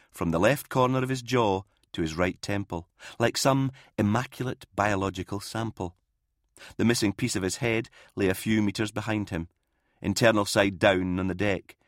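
A male audiobook narrator with a lowish voice, reading in a measured, grave storytelling manner. The recording is close and completely dry. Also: a bit bright, dry recording. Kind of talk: scripted narration.

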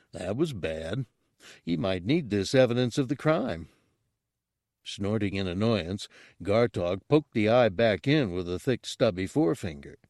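A man narrating an audiobook in a steady, unhurried storytelling manner. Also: lowish voice, dry recording, clean studio sound.

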